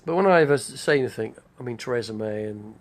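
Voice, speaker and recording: A man's voice: mid-range voice, animated, quick pace. An older man, rambling casually on a live stream, chatty and digressive. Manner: chatty, digressive, name-dropping.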